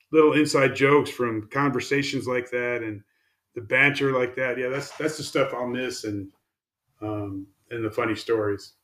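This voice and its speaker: A man's voice: mid-range voice, fairly bright tone. Easygoing man in an echoey room. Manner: easygoing, trailing off with fillers. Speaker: podcast guest, retired umpire. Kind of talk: casual storytelling chat.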